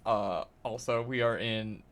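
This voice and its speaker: A man's voice: on the low side, fairly even intonation, measured pace, fairly bright tone. A man playing a tabletop game, joking and rambling as he speaks in character. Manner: jokey, laughing, rambling in character. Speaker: player. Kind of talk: casual tabletop roleplay.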